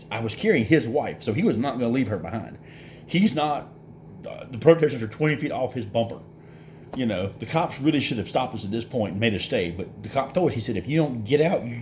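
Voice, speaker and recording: A man's voice: medium pitch, a little hiss or hum. A middle-aged man, casually telling a story and acting out the voices of the people in it. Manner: animated storyteller, acts out quoted voices, laughs through it. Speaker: vlogger.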